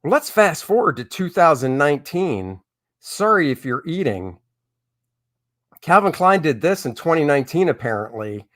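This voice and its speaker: A man's voice: a little high, very animated, a little slow, fairly bright tone. A middle-aged man hosting a casual live stream as a comic artist, talking in a candid, opinionated and rambling way.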